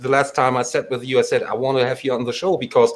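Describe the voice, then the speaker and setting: A man's voice: mid-range voice, flat delivery, fast talker. A male host of a live talk show, enthusiastic and often restarting his sentences. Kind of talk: casual live-show interview.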